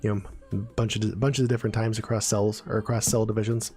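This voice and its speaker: A man's voice: fairly low pitch, flat delivery, fast, warm tone, faint music behind. A man giving a casual live-stream neuroscience lesson, explaining terms and checking in with viewers as he goes. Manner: chatty, explains terms with frequent "right?" and "okay?" check-ins.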